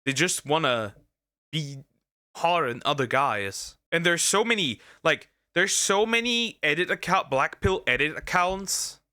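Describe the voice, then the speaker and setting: A man's voice: on the high side, lively intonation, measured pace, pushed and bright, clean tone, no room sound, studio quality. A man casually reacting to a video, rambling and joking with internet slang.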